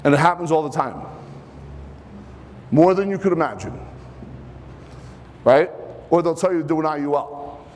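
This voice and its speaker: A somewhat high-voiced man, a little out of breath, presents a live seminar and keeps turning to the audience with quick questions. His voice carries a long reverb tail from the event hall he speaks in. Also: a little hiss or hum. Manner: energetic, engages the audience with questions.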